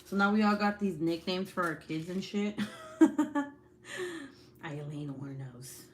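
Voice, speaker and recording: In a casual livestream chat, a mother of several young kids jokes with her viewers about her children, laughing often and cursing freely in slang. Her lowish voice moves a little slowly, with slight background noise.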